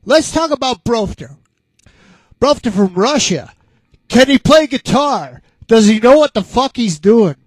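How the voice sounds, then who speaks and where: A man's voice: very high voice, lively intonation, unhurried. A man ranting profanely as he comments on music, mocking, and stretching out repeated questions. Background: faint guitar playing.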